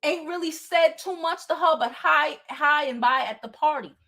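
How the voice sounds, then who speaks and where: Hosting a gossip and advice show, this young adult woman talks casually to her livestream audience at a moderate pace in a high-sitting voice. Her manner is lively, with frequent laughter and plenty of swearing.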